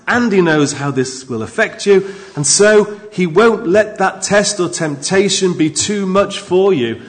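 Guy preaching in church on a mic, emphatic, lots of asides to the people. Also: a little high. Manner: emphatic, varied delivery with asides to the congregation. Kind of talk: sermon. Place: church with a microphone. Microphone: microphone.

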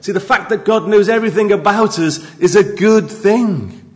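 A man with a high voice preaches into a microphone in a church at a moderate pace. He's emphatic and lively, throwing in asides to the congregation.

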